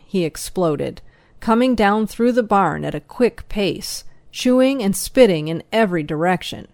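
A woman reading a first-person story aloud as an audiobook narrator, slow, even and measured. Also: mid-range voice, no room sound, clean studio sound.

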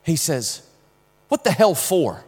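A man preaching a sermon, telling a personal story with strong swings from hushed to loud, often repeating words as he starts sentences. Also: on the high side, very animated, takes it slowly, husky, big-room sound.

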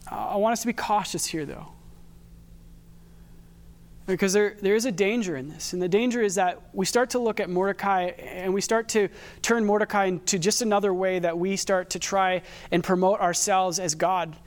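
High-voiced man preaching a sermon. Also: steady tone, moderate pace. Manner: conversational preaching with personal anecdotes. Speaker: pastor.

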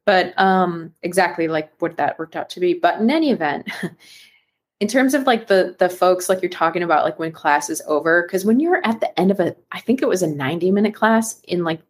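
A chatty woman talking casually on a fitness podcast. Her voice sits on the low side, and she laughs easily and fills her sentences with "like" and "um.". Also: brisk. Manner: chatty, laughs often, lots of fillers. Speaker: podcast co-host. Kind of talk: casual chat.

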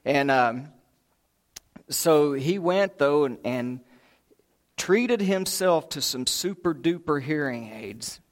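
Speaking slowly with lively intonation and a voice on the high side, a man preaches in a church sanctuary. His sermon runs on humorous stories, told folksy-style with acted-out voices and chuckles.

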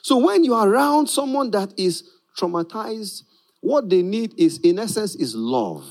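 A man preaching a sermon in an animated way, often laughing and acting out the people in his stories. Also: high voice, a little slow.

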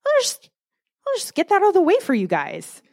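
A casual, reassuring God, put on by a woman in a sermon, with a high, lilting voice that brushes every trouble aside. He sounds chummy and easygoing, nothing like a booming deity. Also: wildly swooping pitch, a little fast, darkish tone, no room sound, studio quality, exaggerated voice. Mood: breezy. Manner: offhand and chummy, high-pitched.

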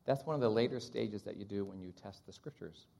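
Gravelly man telling a mission story. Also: fairly low pitch, a little fast. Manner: animated storyteller acting out quotes. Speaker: missionary Bible translator. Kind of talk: church missions talk, storytelling.

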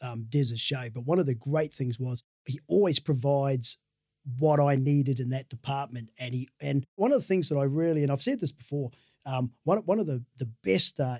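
A man's voice: medium pitch, darkish tone, no echo, studio quality. An Australian man, a sports team's head of performance, telling rambling stories in a casual interview and laughing at his own tales.

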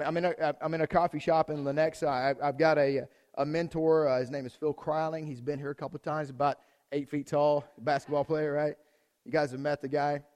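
Energetic man preaching a casual sermon. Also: a little high. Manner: energetic, repeats phrases, frequent restarts; addresses the congregation directly. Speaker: pastor. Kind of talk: conversational sermon.

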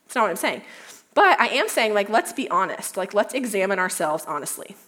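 A young woman giving a casual youth talk, retelling a Bible story in a chatty way with lots of "like" and quick self-corrections. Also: mid-range voice, very animated, fairly bright tone. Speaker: youth speaker.

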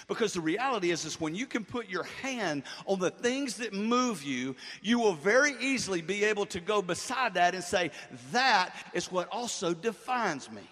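High-voiced male pastor preaching. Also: fairly bright tone, long reverb tail. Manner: preacherly call-and-response, rising to fervent emphasis. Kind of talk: sermon. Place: church sanctuary.

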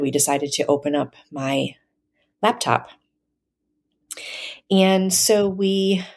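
Woman w a low voice just chatting thru a personal story, lots of ums and little laughs. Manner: hesitant, many fillers and soft laughs.

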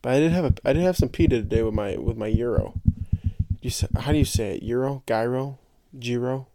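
A man's voice: mid-range voice, expressive, quick pace, gravelly, warm tone. A young man hosting a podcast, rambling and joking in casual solo chat and tripping over his own words. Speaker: podcast host.

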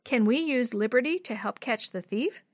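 A woman's voice: a little high, expressive, moderate pace, dry recording, clean studio sound. A woman voicing an eager, anxious young girl who talks urgently.

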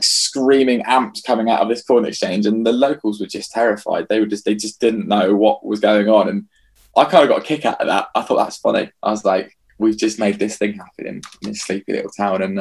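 Man, 30s, husky, lowish voice, lively anecdotal storyteller in interview. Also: a little fast. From England. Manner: lively anecdotal, acts out his own past lines. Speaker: festival founder.

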